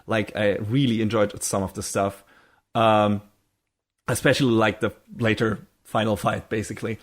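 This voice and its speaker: A man's voice: fairly low pitch, level tone, moderate pace. Young guy cohosting a chat podcast, rambles, lots of uh and you know, swears here and there. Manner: rambling, many fillers, swears casually. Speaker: podcast co-host. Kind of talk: casual chat.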